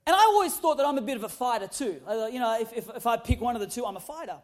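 Man, young pastor, very high voice, animated storytelling sermon, humorous, loud emphatic bursts. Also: racing. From Australia.

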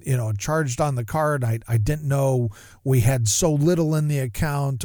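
A man's voice: mid-range voice, darkish tone, dry recording, clean studio sound. A middle-aged man hosting a talk show, telling a personal story in a rambling, self-deprecating way, often stumbling over and repeating words.

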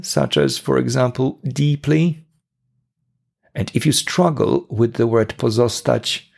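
Slow, lively Polish-accented male teacher. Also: on the low side, vocal fry, breathy edge. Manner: dry self-deprecating humor, lively emphatic delivery. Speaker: podcast host and English teacher. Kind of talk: solo podcast English lesson.

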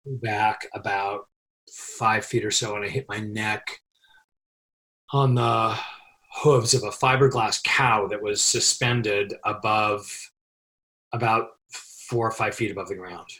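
A middle-aged man telling a crew anecdote in a casual interview, animated and quick to laugh. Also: lowish voice. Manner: animated storyteller, laughs often while telling. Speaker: film crew member telling a story.

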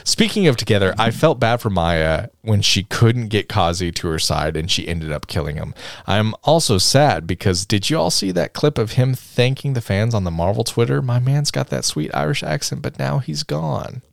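A man's voice: on the low side, expressive, normal speed, gravelly, no echo, studio quality. A man hosting a casual podcast chat, reading out listener comments and stumbling over the words now and then.

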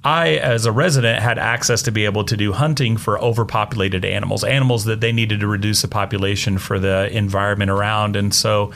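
A man, a missionary guest on an interview show, telling stories in an unhurried way with many "uh"s and "you know"s. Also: lowish voice, steady tone, creaky, fairly bright tone. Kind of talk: casual storytelling interview.

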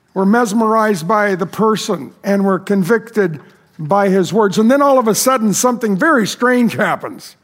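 Male pastor, high voice, dramatic storytelling sermon. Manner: vivid, dramatic storytelling with pauses.

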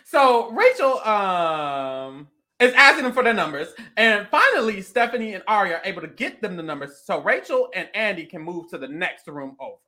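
A woman co-hosting a show, recapping in casual chat, animated and profane, often laughing. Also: mid-range voice, moderate pace. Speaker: podcast co-host.

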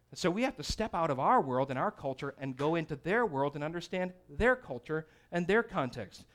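A man teaching a Bible study class, energetic and often checking in with his listeners. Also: sits high.

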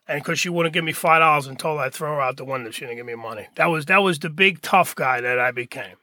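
A man's voice: on the high side, quick pace, dry recording, clean studio sound. A middle-aged man telling blunt stories from his past in a casual podcast chat, acting out the voices of the people in them. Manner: animated storyteller, acts out quoted voices, swears freely. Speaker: podcast guest.

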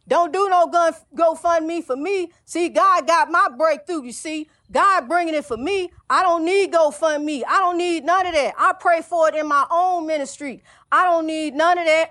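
A woman's voice: very high-pitched, fairly bright tone, no room sound. A woman minister preaching with fervent, repetitive calls, often calling the listener "honey". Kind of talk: preaching monologue.

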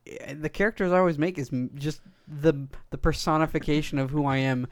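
A man's voice: fairly high pitch, a little fast, no room sound. A man co-hosting a casual podcast chat about role-playing, reflective and hesitant with many fillers.

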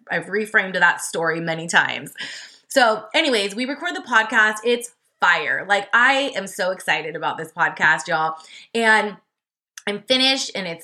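Young woman, solo podcast host; bright tone, chatty and expressive, talks straight to listeners. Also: fairly low pitch. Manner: chatty and expressive, filler-heavy, addresses listeners as y'all. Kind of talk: casual solo podcast storytelling.

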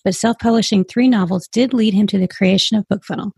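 Gravelly-voiced woman co-host. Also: mid-range voice, steady tone, fairly quick, darkish tone, dry recording. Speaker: podcast co-host. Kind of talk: casual interview chat.

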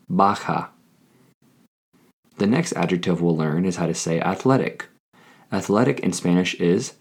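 A man hosting a scripted Spanish lesson, speaking deliberately and repeating each phrase for learners. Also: sits low, a little mellow, breathy edge. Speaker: Spanish teacher.

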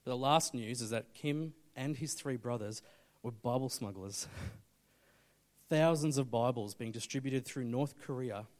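A man preaching a sermon, telling a story and swinging between urgent loud appeals and hushed, intense moments. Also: mid-range voice, measured pace. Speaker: pastor.

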